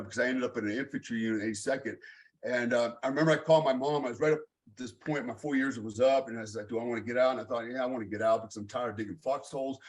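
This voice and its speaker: Blunt, plain-spoken middle-aged man. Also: medium pitch. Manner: blunt, swears freely, lots of fillers. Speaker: guest. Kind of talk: casual storytelling interview.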